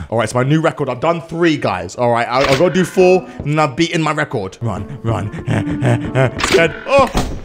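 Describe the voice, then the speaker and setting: A man's voice: mid-range voice, lively intonation, takes it slowly, creaky. A man hosting a gaming video, commenting in a frantic, panicky way and swearing at the game as he plays. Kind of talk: let's play commentary. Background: game music.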